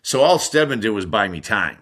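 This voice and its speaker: A man's voice: on the low side, brisk. A man in his sixties from the United States, a guest on a podcast, telling a long story and acting out the people in it. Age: 60s. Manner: animated, acts out the people in his stories. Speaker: guest, former Olympic hockey player.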